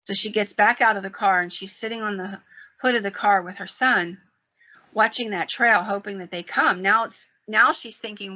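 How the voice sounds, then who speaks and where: A woman hosting a paranormal podcast, retelling a frightening story in an animated way. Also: medium pitch, moderate pace. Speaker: podcast host. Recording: dull lo-fi sound.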